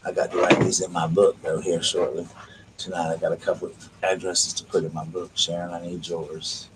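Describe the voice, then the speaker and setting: A man, hosting a livestream and speaking quietly and slowly in a gentle ASMR murmur while reading aloud and chatting. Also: sits low, level tone, a little hiss or hum, poor audio. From South Carolina. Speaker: livestream host. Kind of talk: soft-spoken ASMR reading and chat.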